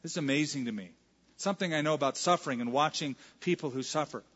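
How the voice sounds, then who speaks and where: A man's voice: on the high side, fast, fairly bright tone, husky. A male pastor preaching a sermon in a conversational way, now and then acting out the lines of scripture. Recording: reverberant hall, dull lo-fi sound.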